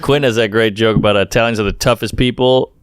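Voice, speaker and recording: A man hosting a podcast in casual chat, tossing off quick wisecracks and short reactions. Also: on the low side, steady tone, smooth, dry recording, clean studio sound. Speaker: podcast host. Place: podcast studio.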